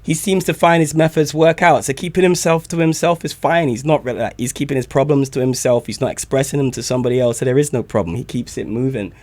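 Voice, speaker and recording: A man reacting to community music on a live stream, hyped and excitable, often shouting his praise. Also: mid-range voice, fast, hardly any pauses.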